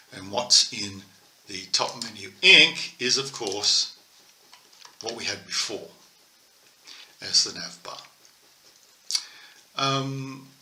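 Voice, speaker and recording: A man's voice: mid-range voice, bright, forceful tone. An older man teaching a coding lesson over a screen recording, thinking aloud and correcting himself as he types. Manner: thinking aloud while typing, self-correcting. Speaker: instructor. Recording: echoey room, faint keyboard clicks.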